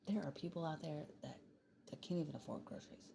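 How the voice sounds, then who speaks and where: A young woman with a low, gravelly voice and a drawl talks into her phone in the small hours. She is worn out and yawning, rambling and cussing casually, often dropping to a hush. A faint household hiss sits under her mellow, dark tone. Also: fast talker. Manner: rambling, tired, swears freely, drifts into whispers. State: tired and yawning. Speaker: vlogger. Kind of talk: late-night casual vlog talk. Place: home kitchen at night.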